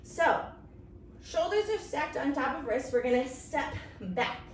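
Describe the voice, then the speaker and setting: A woman's voice: high voice, lively intonation, unhurried. A woman leading a children's yoga story time, encouraging and playful, making silly animal sounds along the way. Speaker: kids yoga instructor. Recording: roomy, from a distance, faint noise.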